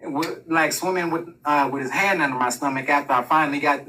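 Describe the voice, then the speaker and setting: Rambling cussing guy telling a story, bright edgy voice, mic kinda far off, faint noise behind. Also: fairly high pitch, quick pace. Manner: profane, rambling, laughs through his own story. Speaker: streamer telling a personal story. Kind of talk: casual storytelling monologue.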